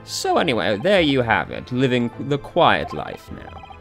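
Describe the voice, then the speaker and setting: A man's voice: medium pitch, wildly swooping pitch, measured pace, vocal fry, over music, voice pushed up, full character voice. A man voicing a pompous retired army man who blusters in a hearty, bouncing voice, as in a story game. Every line comes out puffed up and old-fashioned. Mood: blustering.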